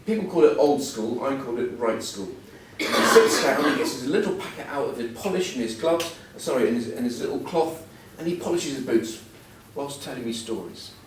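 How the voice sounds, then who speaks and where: A man's voice: medium pitch, lively intonation, moderate pace, few pauses, noisy background. Guest speaker, 60s, man. Self-mocking anecdotes, heard from a distance in a very echoey hall. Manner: self-deprecating, humorous storytelling. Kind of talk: anecdotal after-dinner talk.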